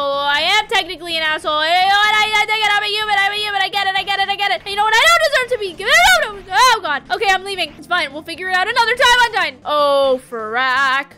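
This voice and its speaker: A young woman giving excitable, dramatic commentary while playing a game, talking back to its characters. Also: sits high. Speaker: let's play gamer.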